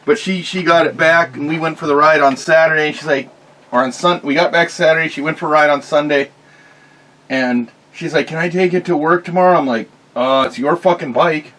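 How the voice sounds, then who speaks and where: A man's voice: fairly high pitch, steady tone, a little fast, bright, forceful tone, distant mic, poor audio. A man bantering on a podcast, cussing and throwing in punchlines. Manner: joking, cussing, interrupting with punchlines. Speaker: podcast co-host. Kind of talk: casual banter.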